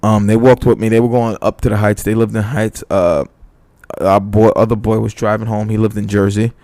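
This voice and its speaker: A man's voice: lowish voice, fairly quick, dry recording. A young man co-hosting a podcast, telling a story in casual chat, swearing freely and acting out quoted lines. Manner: animated, swearing, acts out quotes in a raised voice. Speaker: podcast co-host.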